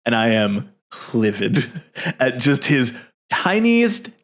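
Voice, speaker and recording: A man in his thirties hosts a casual reaction chat, ranting animatedly, swearing and laughing at what he watches. His voice sits at an ordinary middle pitch for a man. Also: big pitch swings, slow pace. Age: 30s. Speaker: host.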